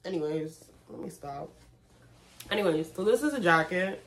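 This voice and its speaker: Young woman vlogger, slightly low voice, chatty, talks straight to her viewers. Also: normal speed. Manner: chatty, addresses viewers as y'all, excited bursts. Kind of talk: casual vlog chat.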